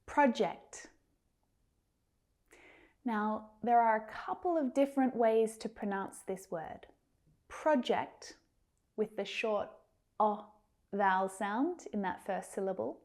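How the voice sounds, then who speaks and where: A woman with an Australian accent teaching English pronunciation in a scripted lesson. She enunciates single words clearly and carefully and speaks directly to her learners in an encouraging way. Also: medium pitch, a little slow, darkish tone.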